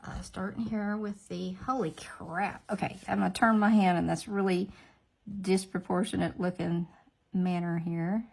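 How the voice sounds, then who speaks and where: A woman's voice: lowish voice, steady tone, moderate pace, creaky, darkish tone. A woman chatting casually through a nail tutorial, rambling with asides to herself. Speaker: nail art vlogger.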